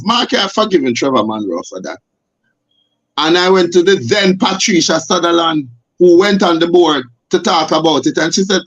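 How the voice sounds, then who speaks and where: A man with a Jamaican accent, a guest on a talk show, arguing forcefully and firing off rhetorical questions. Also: a little high, lively intonation, moderate pace. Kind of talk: impassioned talk show discussion. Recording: dull lo-fi audio.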